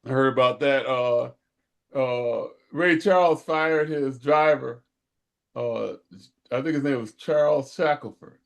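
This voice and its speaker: Older cohost guy, gravelly, keeps restarting his sentences, uh uh the. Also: mid-range voice. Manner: halting, many restarts and fillers. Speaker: co-host. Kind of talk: casual chat.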